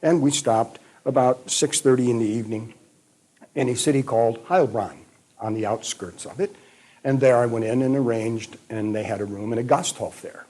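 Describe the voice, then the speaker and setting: An older man with an American accent reminisces at an unhurried, storytelling pace. His voice is mellow and warm, with a slightly husky edge. He lingers on the details as he recalls his travels. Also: mid-range voice. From United States. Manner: measured, detailed recollection. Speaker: retired history professor recounting travels.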